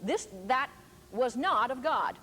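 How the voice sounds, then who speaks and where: Older lady preacher telling stories, emphatic, kinda high voice, reverb-y hall. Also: expressive, takes it slowly, sharp tone. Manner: emphatic storytelling. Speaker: preacher and teacher. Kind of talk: sermon. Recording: echoey hall with faint background noise.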